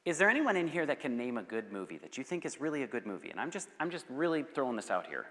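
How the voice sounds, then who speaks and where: A man giving a passionate youth sermon and answering students' questions, swinging between loud urgency and hushed intensity. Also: mid-range voice, sing-song, quick pace, big-room sound. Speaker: guest speaker. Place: school assembly hall.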